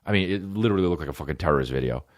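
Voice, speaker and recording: A low-voiced man rambles through a comedic story on his podcast, swearing freely and slipping into the voices of the people he quotes. His delivery is loose and lively. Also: racing. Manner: profane, animated, acts out quoted voices. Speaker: podcast host.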